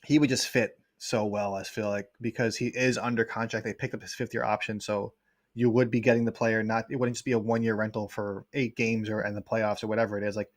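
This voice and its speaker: A man, a guest sports writer, talking in a casual livestream chat, quick and rambling with many fillers. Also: lowish voice, level tone, no room sound.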